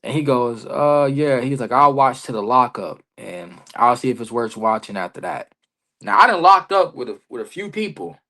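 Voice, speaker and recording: Male wrestler guest, mid-pitched, casual storyteller, slang-heavy, animated. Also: moderate pace. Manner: slangy, loose, peppered with "bro" and "you feel me"; animated, acts out both sides of conversations.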